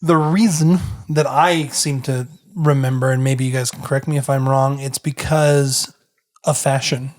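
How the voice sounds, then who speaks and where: A man's voice: mid-range voice, steady tone, normal speed. A man co-hosting a casual podcast, nerdy and self-deprecating as he explains things. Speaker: podcast co-host. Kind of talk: casual chat.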